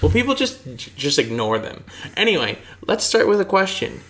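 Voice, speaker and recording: A man's voice: high voice, big pitch swings, a bit bright. A young American man from Denver co-hosting a casual podcast, joking and playful. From Denver, United States. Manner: joking, playful and quick with puns. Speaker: podcast co-host. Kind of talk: casual chat.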